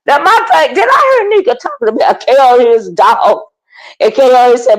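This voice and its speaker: A high-sitting female voice at normal speed comes through a low-quality recording. Hosting a casual commentary stream, she talks to her chat by name in a lively, chatty way while weighing in on online drama.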